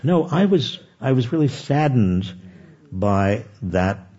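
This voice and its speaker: An older man telling anecdotes as a guest author, with animated and self-deprecating restarts. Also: mid-range voice, slow pace, husky, lo-fi sound. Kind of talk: conversational storytelling.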